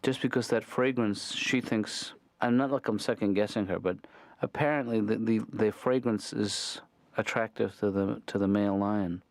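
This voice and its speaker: An actor playing a mild-mannered middle-aged male therapist in an animated series, speaking softly with a dry, hesitant delivery. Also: fairly low pitch, normal speed, hardly any pauses, no echo, lightly acted. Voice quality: soft-spoken, hesitant, deadpan.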